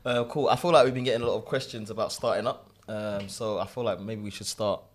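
A man's voice: on the low side, steady tone, fast talker. A man, co-hosting a podcast and plainly explaining how he handles things. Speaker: podcast co-host. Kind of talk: casual chat.

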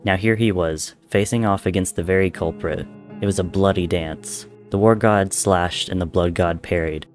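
A man narrating a dark dramatic story in a measured, intense reading. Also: low voice, fairly even intonation, soft background music.

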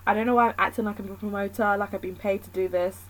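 A woman's voice: medium pitch, steady tone, fast talker, rough recording. A woman talking alone in a casual, candid chat, thinking aloud and rambling between points.

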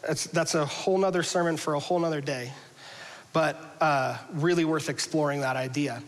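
A man preaching a conversational sermon to a congregation, joking casually and swinging between loud emphasis and hushed passages. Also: on the high side, steady tone, moderate pace, in a large hall, low-quality recording. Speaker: pastor. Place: church hall with a congregation.

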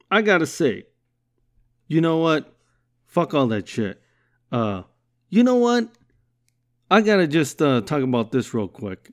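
A man hosting a podcast, telling rambling comedic stories in a casual, profane way, laughing often and jumping suddenly to loud bursts. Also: on the high side. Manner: animated storytelling with sudden loud jumps. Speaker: podcast host.

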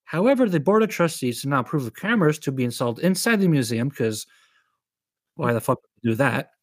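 A man hosts a podcast in a loose, jokey chat, laughing often and swearing as he reads out his notes. His pitch moves a lot and the sound is dry and close. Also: animated, a little fast, breathy edge, no echo. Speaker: podcast host. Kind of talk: casual chat, reading out notes.

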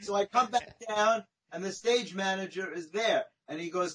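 A man, a podcast guest, telling a long personal story in a chatty, animated way, often tagging his sentences with "right?" and "you know?". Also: high voice, moderate pace, rough recording. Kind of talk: conversational storytelling.

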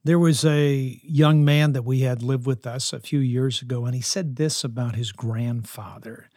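A man's voice: medium pitch, steady tone, moderate pace, a little mellow, no echo, clean studio sound. An older man and grandfather giving an earnest, emphatic talk to grandparents, repeating his key phrases. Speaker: speaker on grandparenting.

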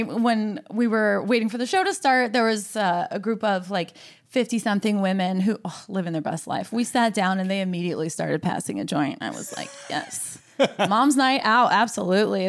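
Animated, laughing woman doing stand-up. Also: medium pitch. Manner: animated, laughing storyteller with voiced asides. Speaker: stand-up comedian and co-host. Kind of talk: stand-up set on a podcast.

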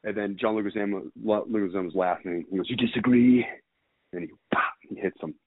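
A man's voice: low-pitched, fairly even intonation, fast talker, crowd noise. A man casually telling a rambling story, swearing freely and stumbling over details. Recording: dry phone-like sound.

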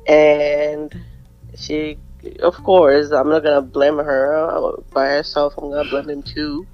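Deep-ish woman talking slow and unsure, lots of ums, dull lo-fi sound. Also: little pitch movement. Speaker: podcast co-host. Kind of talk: casual chat. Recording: dull lo-fi sound with faint music.

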